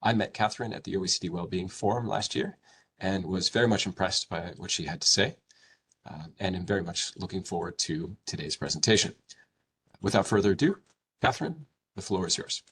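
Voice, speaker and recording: A man hosting a seminar, reading a speaker's introduction in a measured way with small hesitations. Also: sits low, a bit bright, husky. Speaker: seminar host.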